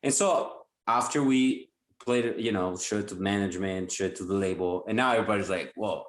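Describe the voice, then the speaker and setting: A man's voice: on the low side, fairly quick, reverberant, low-quality recording. A male guitarist guest chatting casually and enthusiastically in an interview, rambling with lots of fillers.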